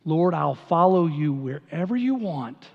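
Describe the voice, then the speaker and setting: A man's voice: fairly high pitch, expressive, measured pace. A man preaching a sermon to his congregation, conversational and emphatic, often repeating himself. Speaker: pastor. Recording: dull sound, long hall reverb.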